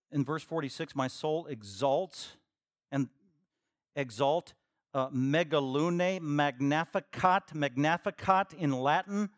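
A man preaching a verse-by-verse sermon as pastor, shifting from quiet teaching to loud, emphatic bursts. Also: no echo, studio quality. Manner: acts out imagined listeners in a higher voice. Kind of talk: expository sermon.

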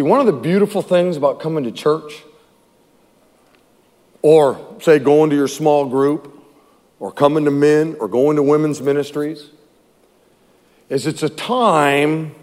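Animated male pastor preaching in a hall. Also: fairly high pitch, slow, pauses often. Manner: animated, acts out scripture voices, swings from loud to hushed. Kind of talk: sermon.

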